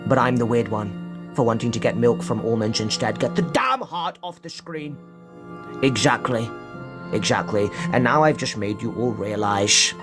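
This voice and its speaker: A man's voice: mid-range voice, animated, moderate pace, music in the background. A man live-streaming from home, urging his viewers in a preachy way and repeating points for emphasis. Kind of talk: impassioned live-stream monologue.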